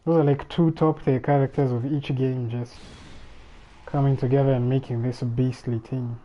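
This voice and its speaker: A man's voice: medium pitch, steady tone, moderate pace, lo-fi sound. A man hosting a casual livestream alone, thinking aloud in a rambling way with frequent restarts. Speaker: livestream host. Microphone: streaming microphone.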